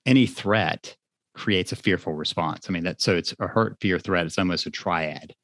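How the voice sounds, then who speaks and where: A man who works as a marriage therapist, guest on a podcast interview, explaining things in a measured way with examples from his sessions. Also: deep voice, fairly bright tone, no echo.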